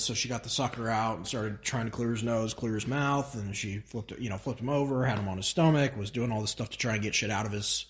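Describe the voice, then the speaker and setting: A man's voice: fairly low pitch, brisk, hardly any pauses. A man in his thirties co-hosting a podcast, telling the story casually in a blunt way and swearing now and then. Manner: blunt, swears casually, repeats words as he restarts. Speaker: podcast co-host.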